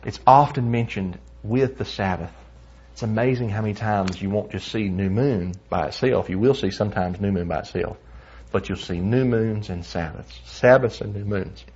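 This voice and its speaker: Low husky guy teaching a bible lesson, chatty and earnest, kinda muffled lo-fi audio. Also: moderate pace, a little mellow. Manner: earnest, conversational, tells stories with chuckles. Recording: dull lo-fi recording.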